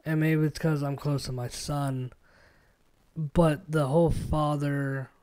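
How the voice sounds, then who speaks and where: A man in his thirties, a podcast host, chatting casually in a rambling, profane, animated way. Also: on the high side, slow, clear, resonant tone. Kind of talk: casual chat.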